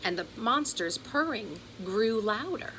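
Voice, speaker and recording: A woman reading a children's chapter book aloud in an expressive storytelling voice. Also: on the high side, measured pace, slight background noise, poor audio. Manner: expressive, does character voices. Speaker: audiobook narrator.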